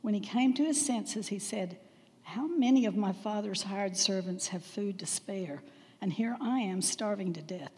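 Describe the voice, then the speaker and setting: A woman from Australia with an Australian accent, reading scripture aloud to a congregation in a measured, expressive way. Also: mid-range voice, big-room sound. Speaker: scripture reader.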